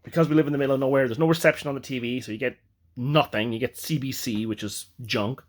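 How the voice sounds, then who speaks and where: A man's voice: mid-range voice, quick pace. A man from Ireland telling a personal story in a rambling, reflective way, often breaking off to correct himself. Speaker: vlogger.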